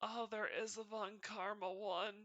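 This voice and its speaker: A woman's voice: medium pitch, little pitch movement, measured pace, fairly bright tone, highs cut off. A woman streamer playing a detective game for the first time, chatting casually and reading the dialogue aloud in playful voices.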